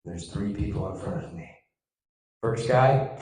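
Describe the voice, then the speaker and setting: A man telling a stand-up comedy story to a live audience, swinging from loud crowd-work to hushed asides. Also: on the low side, slow pace, long pauses. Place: stage in front of a live audience. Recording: echoey room.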